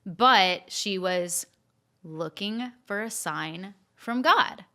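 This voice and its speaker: A woman with a bright, forceful voice tells a story on a podcast. She talks in a lively, conversational way, trips over her words and restarts, and keeps her pitch in a middle range. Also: extremely slow. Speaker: podcast co-host telling stories. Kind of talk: casual storytelling chat.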